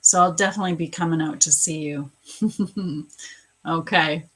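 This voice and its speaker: A woman's voice: deep voice, moderate pace, a bit bright, husky, poor audio. Effusive woman giving psychic readings. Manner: effusive, emotional, rambling with fillers. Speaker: psychic medium and spiritual coach. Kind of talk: live-streamed psychic reading.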